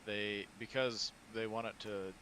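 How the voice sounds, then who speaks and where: A man co-hosting a casual chat show, animated and playful, swearing freely. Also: fairly low pitch, measured pace, a little hiss or hum. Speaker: podcast co-host.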